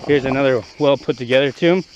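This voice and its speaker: A man's voice: mid-range voice, fast talker, lo-fi sound, noisy background. A young man from Canada vlogging casually outdoors at ancient ruins, rambling and swearing as he walks. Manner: brash, profane, rambling banter. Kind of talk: casual walking vlog.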